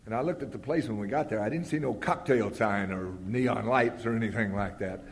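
A man's voice: on the low side, a little fast, slight background noise. Older man telling a rambling, humorous story. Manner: rambling and humorous, acts out quotes loudly. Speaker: speaker sharing his recovery story. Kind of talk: storytelling talk at a recovery meeting. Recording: long hall reverb.

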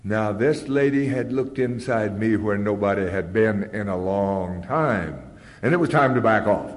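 A man's voice: on the low side, normal speed. A man telling his own story in a plain-spoken, folksy way, full of "uh"s and repeated words. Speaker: speaker sharing his recovery story. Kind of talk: personal storytelling to an audience. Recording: long reverb from a big hall.

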